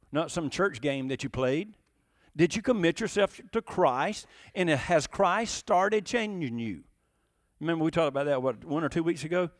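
A man's voice: on the high side, dry recording, clean studio sound. A man preaching a sermon in an emphatic, conversational way, full of rhetorical questions. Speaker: pastor.

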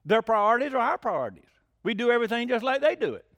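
Male preacher, high-pitched, folksy and excitable, close dry recording. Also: fast talker, no room sound. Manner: excitable, rising to near-shouting, rhetorical questions; folksy, plain-spoken. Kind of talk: sermon.

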